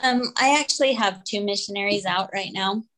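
A woman being interviewed on a podcast, speaking hesitantly with many ums and soft laughs. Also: medium pitch, moderate pace, low-quality recording. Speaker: podcast guest. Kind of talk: casual interview chat.

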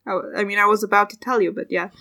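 A woman's voice: medium pitch, steady tone, fast, pushed and bright. A woman narrating as game master in a casual way, full of fillers.

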